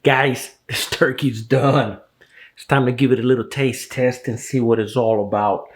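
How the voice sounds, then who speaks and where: An easygoing man talks slowly and warmly to his viewers as he carves and tastes food at an outdoor grill. His voice sits at an ordinary middle pitch, and he lingers over words with relaxed enthusiasm. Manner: slow, relaxed and enthusiastic, addressing viewers as guys. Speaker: barbecue channel host. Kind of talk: casual cooking video talk to camera.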